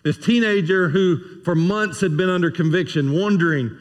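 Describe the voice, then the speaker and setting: A man preaching in a church sanctuary, his voice sitting a little high for a man. He swings from hushed, confiding asides up to soaring emphatic lines. The sound carries a long reverb from the hall. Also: normal speed. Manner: dynamic preacher, swings between soft asides and loud high-pitched emphasis. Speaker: senior pastor. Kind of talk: sermon.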